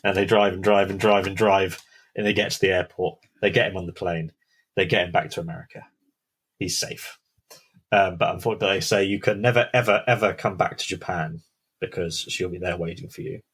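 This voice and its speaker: A man co-hosting a podcast, telling a scary story casually, with hushed build-ups and dramatic pauses. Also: low-pitched, steady tone, slightly rough, rough recording. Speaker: podcast co-host.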